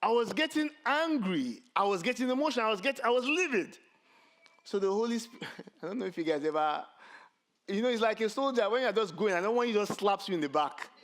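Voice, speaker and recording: A middle-aged man, a pastor preaching a sermon with animated, self-mocking humor and a habit of saying "you see". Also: sits high, fairly quick. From Nigeria.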